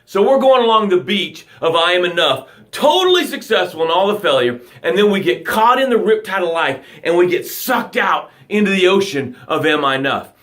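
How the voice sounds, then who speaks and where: Guy coaching his viewers on a live stream, kinda high voice, gets big and loud then drops real soft. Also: big pitch swings, moderate pace, hardly any pauses. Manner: dramatic, swings from loud urging to soft hushed guidance. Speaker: motivational coach. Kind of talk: motivational talk to viewers. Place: home livestream. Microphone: phone or webcam, live broadcast.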